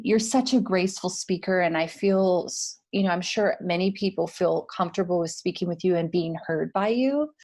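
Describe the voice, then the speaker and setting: A woman hosting a podcast, asking soft, searching questions with many fillers. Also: on the low side. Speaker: podcast host. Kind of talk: conversational podcast interview.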